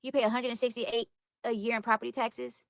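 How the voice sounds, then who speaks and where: A woman's voice: on the high side, little pitch movement, brisk, no room sound. A woman livestreaming casual chat to her viewers, rambling and exasperated, repeating herself as she talks. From United States. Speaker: livestream host.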